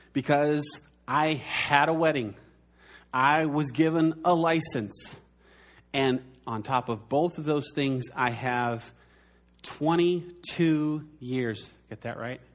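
In a mid-range voice, this forty-something pastor delivers an earnest sermon, easing his pace and going soft whenever he wants to stress a point.

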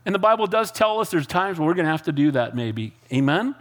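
High-voiced man preaching conversationally. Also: sing-song, quick pace, a bit bright. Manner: casual, keeps asking the congregation "Amen?". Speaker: pastor. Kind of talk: conversational Bible-teaching sermon.

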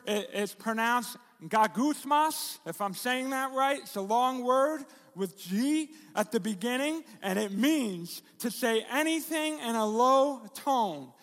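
A man's voice: high voice, fairly bright tone, in a large hall. A middle-aged man, a pastor, preaching a sermon in a conversational, self-deprecating way with jokes and rhetorical questions.

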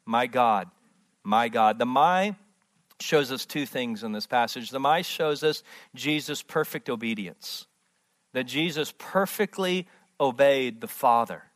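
A man preaching a sermon in a church as pastor, impassioned and repetitive, swinging from loud emphasis to hushed tones. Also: medium pitch, lively intonation, a little slow. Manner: repeats words, restarts phrases.

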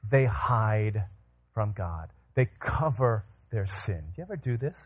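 Animated man preaching a sermon. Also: on the low side, unhurried. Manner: animated storytelling with quoted voices. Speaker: pastor.

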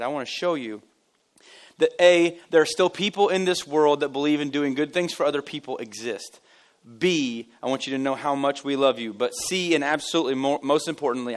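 A man, the lead pastor, giving a casual, joking sermon to his congregation, telling stories and poking fun at himself. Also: medium pitch. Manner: animated, joking, self-deprecating storyteller. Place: church service.

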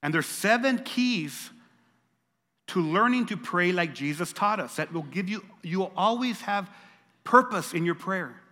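A man's voice: high-pitched, lively intonation, unhurried, sharp tone. An older man preaching a sermon as pastor, emphatic and repeating phrases for stress. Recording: long reverb of a large hall.

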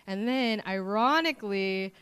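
A woman from Hawaii shares a personal faith testimony in an earnest storytelling voice. She keeps it lively and acts out the people in her story. Her pitch sits at a middling level. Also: unhurried, smooth. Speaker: speaker giving a testimony.

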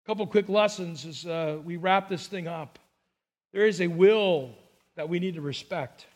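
A man's voice: high voice, moderate pace. A man from Southern California preaching as a pastor, earnest and emphatic, acting out quotes as he goes. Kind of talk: sermon.

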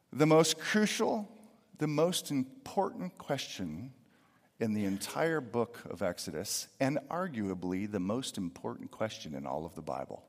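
A middle-aged man preaching a sermon, lively and expressive, swinging from loud emphatic lines to hushed asides. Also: mid-range voice, long reverb tail. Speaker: pastor.

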